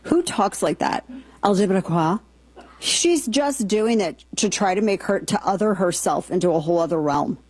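A woman's voice: medium pitch, animated, moderate pace, darkish tone, no echo, poor audio. A woman hosting a talk radio show, delivering sarcastic, exasperated commentary.

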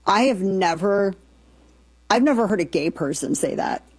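A woman's voice: medium pitch, animated, normal speed, breathy edge, no echo, low-quality recording. A woman hosting a talk radio show, delivering sarcastic, exasperated commentary.

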